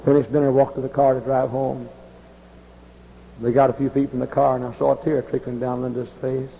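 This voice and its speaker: A man in his forties, a pastor, preaching a sermon that moves from folksy storytelling to loud impassioned outbursts. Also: mid-range voice, little pitch movement, brisk, vocal fry, slight background noise. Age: 40s. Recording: dull old recording in a large reverberant hall.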